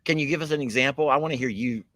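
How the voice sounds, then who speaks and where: A man's voice: medium pitch, racing, fairly bright tone, no room sound. A man hosting a livestream, chatting casually and folksily with a guest. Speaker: livestream host. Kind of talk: casual live chat with a guest.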